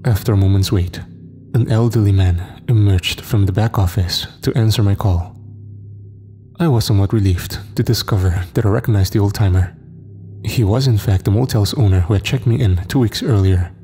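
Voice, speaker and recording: A man narrating a scripted horror story in a steady, measured way. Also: fairly low pitch, soft background music.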